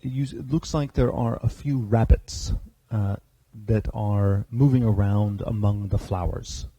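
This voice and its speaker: A man's voice: on the low side, measured pace, mellow, no room sound, low-quality recording. A man narrating a tabletop game as game master, hesitant, with many filler sounds, on a convention stage.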